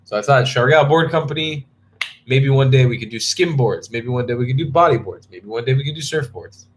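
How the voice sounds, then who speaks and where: A man's voice: mid-range voice, animated, fairly quick, slight background noise. A tired young man casually chatting on a live stream, rambling and restarting as he answers viewer comments. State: tired and yawning. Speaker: travel vlogger answering live chat.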